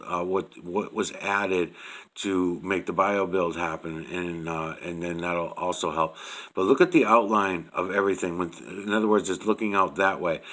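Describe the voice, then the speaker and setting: Middle-aged guy with a real low voice, rambling on about pictures he's showing, lots of uhs and cussing. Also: fairly bright tone. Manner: rambling, swears freely, halting with fillers. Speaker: video creator. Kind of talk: casual on-screen image commentary.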